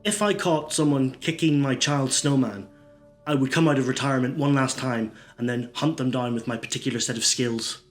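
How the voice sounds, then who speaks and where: A man's voice: medium pitch, fairly even intonation, moderate pace, faint music behind. Rambling man telling one-liners. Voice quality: rambling, self-interrupting. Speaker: stand-up comedian.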